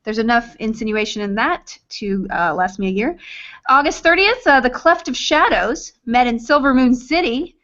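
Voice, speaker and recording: A woman's voice: fairly high pitch, animated, moderate pace, a bit bright. A woman hosting an online book club hangout, chatty and casually announcing meetups with playful asides over a video call. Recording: dull lo-fi video call audio.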